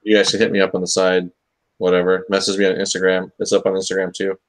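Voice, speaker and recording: Low-voiced joking male show host. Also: monotone, fast talker. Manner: joking, rambling with many fillers. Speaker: host of a comics talk show. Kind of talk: casual live-stream chat.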